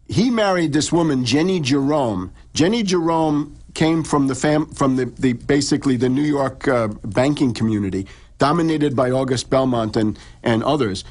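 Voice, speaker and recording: A man explaining history at length in conversation, with frequent restarts and fillers. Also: medium pitch. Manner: long halting explanations with many restarts. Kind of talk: lecturing conversation.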